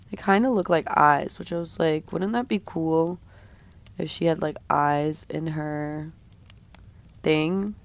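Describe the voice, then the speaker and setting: A woman streamer chatting casually with her viewers while she draws, her voice sounding a bit sick. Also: on the low side. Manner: chatty, talks while drawing, reads and answers chat. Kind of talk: casual drawing livestream chat.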